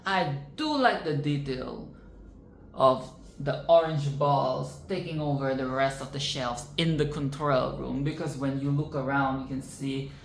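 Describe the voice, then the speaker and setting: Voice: mid-range voice, unhurried, gravelly. Rambling profane film reviewer, roomy echo. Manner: rambling, playful and profane, with sarcastic asides. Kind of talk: casual film reaction commentary. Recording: roomy echo with faint background noise.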